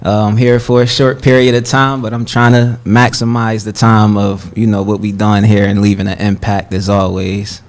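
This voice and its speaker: A man's voice: fairly low pitch, flat delivery, normal speed, hardly any pauses. A man talking as a radio guest in a casual interview, easygoing and affirming.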